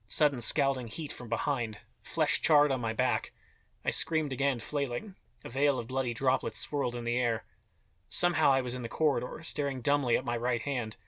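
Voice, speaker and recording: A man's voice: mid-range voice, fairly even intonation, normal speed, a bit bright, dry recording. A man reading an audiobook in scripted, dramatic narration.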